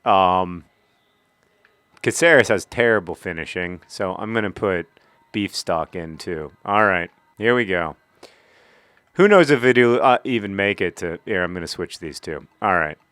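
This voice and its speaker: A man in his thirties with a fairly low voice rambles through casual commentary as he plays a soccer video game. He mocks his own lack of skill and urges his team on. The sound is dry and close to the mic. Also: animated, measured pace, fairly bright tone, smooth, no room sound. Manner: rambling, self-deprecating, cheers on his team. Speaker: gaming video host.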